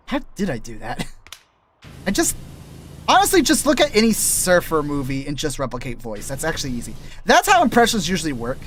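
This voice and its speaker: A man's voice: on the high side, huge pitch swings, fairly quick, a bit bright. Scratchy-throated man rambling on stream. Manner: rambling, trails off and restarts mid-sentence; explains voice-acting technique like a casual teacher. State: dry, scratchy throat from thirst. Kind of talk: rambling gameplay stream chat.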